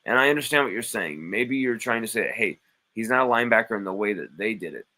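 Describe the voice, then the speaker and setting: A man's voice: lowish voice, expressive, fast talker, sharp tone, poor audio. A man hosting a live sports stream, reading chat comments aloud and arguing back with playful mock indignation.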